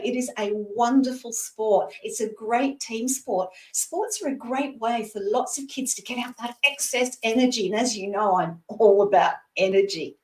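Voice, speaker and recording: Scottish-born psychic woman in her 60s, reassuring live card reading, roomy sound from a distant mic. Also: fairly high pitch. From Scotland. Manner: warm, reassuring, talks to the asker by name. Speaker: psychic reader.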